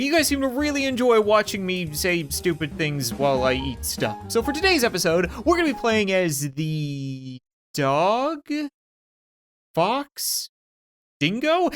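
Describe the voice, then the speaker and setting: A man's voice: sits high, big pitch swings, moderate pace, fairly bright tone, soft background music. A man giving jokey, sarcastic let's play commentary as a gaming YouTuber, often talking to the creatures in the game.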